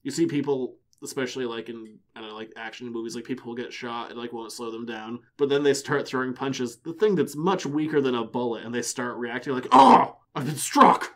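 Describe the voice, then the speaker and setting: A man's voice: medium pitch, brisk, few pauses. Wry man recapping comics. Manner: wry, laughs often, recaps comic panels. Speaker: podcast co-host. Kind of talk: casual chat.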